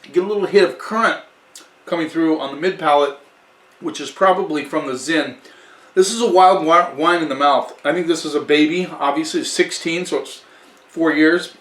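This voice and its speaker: A man's voice: fairly high pitch, normal speed, a bit bright, recorded from a distance. A man giving a casual wine tasting review in a chatty way, often restarting and correcting himself. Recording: echoey room, away from the mic.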